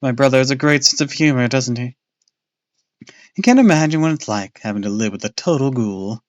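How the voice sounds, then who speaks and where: A man's voice: medium pitch, animated, a little fast, dry recording. A man casually reading a children's horror book aloud on a live stream, with small slips and restarts.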